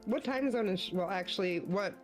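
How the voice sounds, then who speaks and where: A young woman guesting on a game stream, chatting in a relaxed, giggly way. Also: medium pitch, brisk, soft background music. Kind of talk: casual gaming chat.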